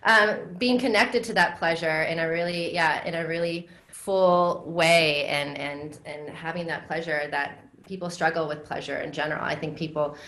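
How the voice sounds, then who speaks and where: A woman with a fairly low voice talks as a podcast guest. She is relaxed and reflective, and her speech is loose and full of fillers. The talk is a casual, open conversation. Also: moderate pace, hardly any pauses. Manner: relaxed and reflective, frequent likes and laughs. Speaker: guest, dominatrix and somatic educator.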